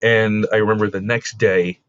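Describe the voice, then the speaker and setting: A man, a comic book creator, telling stories casually in an interview, full of fillers and quick laughs. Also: lowish voice, flat delivery, a bit bright, clear, resonant tone. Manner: rambling, with many fillers like "like" and "you know". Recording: dull lo-fi dry recording.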